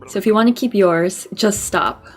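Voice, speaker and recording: Blunt talking skull man from a game, read plainly by a woman; mid pitch, faint music behind. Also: normal speed, natural voice. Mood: blunt advice. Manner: reads game dialogue aloud plainly.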